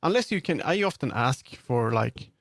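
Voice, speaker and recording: A man's voice: medium pitch, big pitch swings, moderate pace, gravelly, fairly bright tone, no echo, clean studio sound. A man with a Swedish accent, streaming and chatting casually as he builds in 3D, rambling with many fillers and restarts. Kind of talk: casual live-stream commentary while working in 3D.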